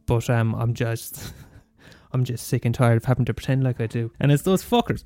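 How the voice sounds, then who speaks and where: A man's voice: medium pitch, steady tone, moderate pace, mellow, dry recording, clean studio sound, faint music behind. A man from Limerick with a Limerick Irish accent, ranting in a comedic monologue, profane and exasperated, often restarting and repeating himself. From Limerick, Ireland.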